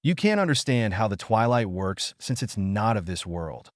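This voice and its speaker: A man voicing a small, proud, quick-tempered female imp who snaps insults. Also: lowish voice, very animated, dry recording, clean studio sound. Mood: scolding. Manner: haughty, snapping insults.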